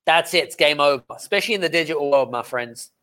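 A man hosting an interview, emphatic, with halting "um" fillers. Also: on the high side, expressive, pushed and bright. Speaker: host. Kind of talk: conversational interview.

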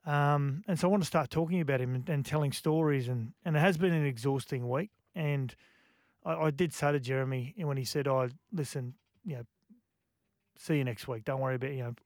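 A man, a radio guest, talking in a halting, reflective way with many restarts. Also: mid-range voice, darkish tone, no echo, studio quality. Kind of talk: casual radio chat.

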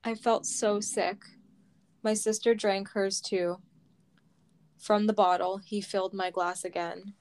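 A woman reading her own personal memoir aloud, slow and heavy, close to tears. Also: mid-range voice, flat delivery. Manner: slow, heavy, measured storytelling.

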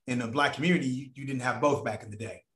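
A man's voice: medium pitch, quick pace, a bit bright, reverberant. A man as a podcast guest, telling a long story in a casual, profane way and acting out other people's voices.

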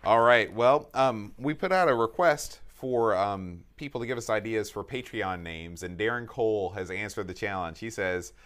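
A man's voice: fairly low pitch, moderate pace, hardly any pauses, fairly bright tone. A man co-hosting a retro gaming podcast in a casual, joking, self-deprecating way. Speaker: podcast co-host. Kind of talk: casual chat.

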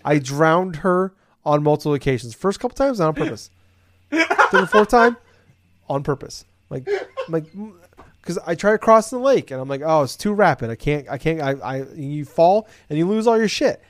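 A man co-hosting a casual gaming podcast, telling a profane, ranting story about a game. He mutters low one moment and shouts the next. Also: animated, normal speed, dry recording. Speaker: podcast co-host. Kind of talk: casual chat.

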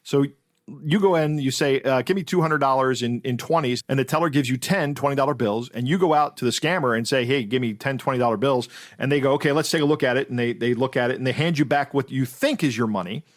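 A man co-hosting a talk show, telling a story in a relaxed, conversational way and slipping into the voices of the people he quotes. His voice sits at an ordinary middle pitch. The sound is dry and close, with no room around it. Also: fast talker, no echo. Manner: storytelling, acts out quoted voices, laughs easily. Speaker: podcast co-host. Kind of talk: casual chat.

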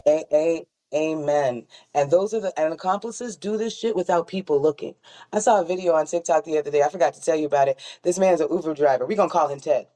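A woman hosting a casual podcast chat, telling stories in an animated, profane and joking way. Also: low voice, fast talker.

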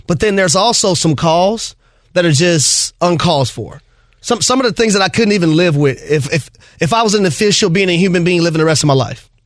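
A man's voice: sits high, animated, fairly quick, no echo, clean studio sound. A man co-hosting a sports radio show, giving emphatic opinions in a playful, laughing way. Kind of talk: sports talk show banter.

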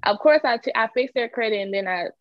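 A woman's voice: fairly high pitch, expressive, fast, dry recording, muffled recording. A woman advising on credit in casual chat, explaining steps plainly.

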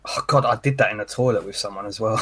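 A man's voice: on the low side, quick pace, fairly bright tone, slightly rough. A young man, co-hosting a podcast with cheeky, provocative casual chat. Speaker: podcast co-host.

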